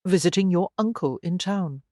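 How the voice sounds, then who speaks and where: A cold, bitter middle-aged mother, as a narrator puts her on, speaks crisply and with reproach. The storybook reading is dry and close. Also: medium pitch, moderate pace, mellow, dry recording, close to an everyday voice.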